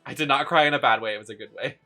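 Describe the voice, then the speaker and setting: A young man streaming a video game live, chatting casually in an excitable, giggly, gushing way. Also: medium pitch, rapid-fire, faint music behind.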